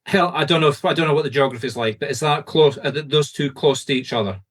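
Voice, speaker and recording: A man with a Scottish accent working as a medium, giving fast, insistent, reassuring readings to a group over a video call. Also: a little high, fairly bright tone. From Scotland.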